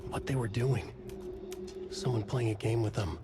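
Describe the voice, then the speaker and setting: A man's voice: lowish voice, moderate pace, noisy background, lightly acted. A man narrating as a brooding novelist. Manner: brooding, literary. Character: brooding male writer narrating a dark mystery. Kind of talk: dramatic scripted game narration.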